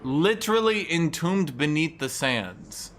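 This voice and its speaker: A man giving casual, ranting gameplay commentary, animated and profane, as a content creator. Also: fairly high pitch, takes it slowly, a little hiss or hum.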